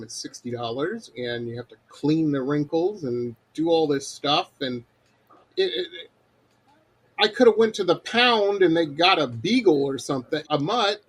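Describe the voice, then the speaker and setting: A man's voice: fairly high pitch, normal speed, husky, low-quality recording. A middle-aged man hosting a radio interview, chatting casually and acting out his own rants as he tells stories. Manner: animated storyteller, acts out his own rants. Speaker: radio show host.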